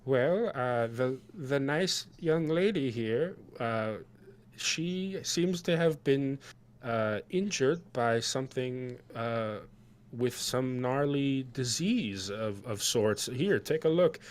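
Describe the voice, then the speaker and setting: A man voicing a gentle, hesitant young male healer who speaks haltingly, slowly and in a raised voice. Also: medium pitch, lively intonation, pitched above the performer's own voice. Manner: halting, hesitant, many fillers.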